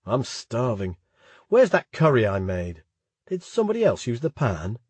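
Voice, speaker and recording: A man's voice: mid-range voice, wildly swooping pitch, moderate pace, husky, dry recording. A man voicing a smug, boastful young male student. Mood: annoyed.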